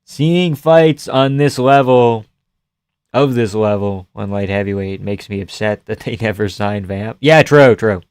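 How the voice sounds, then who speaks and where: A man streaming live fight reactions, chatting casually and swearing as he answers chat, breaking into loud yells at the big moments. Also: lowish voice, a little slow, clean tone, dry recording, clean studio sound.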